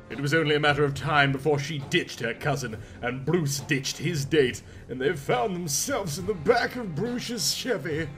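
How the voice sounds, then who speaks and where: A man's voice: a little high, sharp tone. A man reading a comic parody story aloud in a melodramatic, mock-passionate narration.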